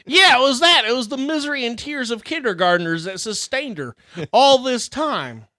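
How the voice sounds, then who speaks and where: A middle-aged man telling childhood stories in casual chat, animated, exaggerating for laughs and swearing freely. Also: very high voice, moderate pace, no echo, studio quality. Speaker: podcast co-host.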